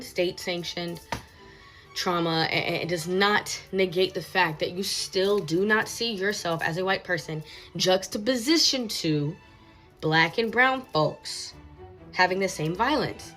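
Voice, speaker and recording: Woman commentator, emphatic lecturing delivery, lowish voice, faint music underneath. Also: a bit bright. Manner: emphatic, lecturing, repeats words for stress. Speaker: social media commentator. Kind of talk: direct-to-camera commentary.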